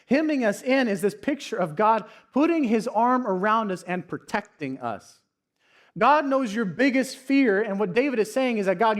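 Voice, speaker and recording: High-voiced man preaching a sermon. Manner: earnest, storytelling with dynamic swings from hushed to raised. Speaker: pastor. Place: church.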